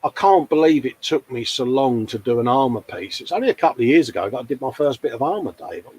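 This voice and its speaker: A man's voice: medium pitch, expressive, fast, darkish tone, a little hiss or hum, poor audio. Chatty man hosting. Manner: chatty, matey, full of tag questions. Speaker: host. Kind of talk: casual live-stream chat.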